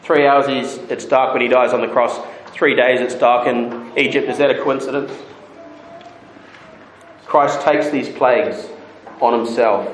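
A man preaching an expository sermon who rises into loud, high pleading when he quotes God. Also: fairly even intonation, measured pace, slight background noise. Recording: echoey room with faint ambience.

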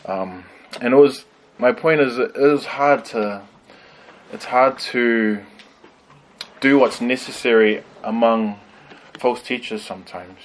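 A man teaching a conversational Bible study, thoughtful and pausing with frequent ums. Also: medium pitch, slight background noise, rough recording.

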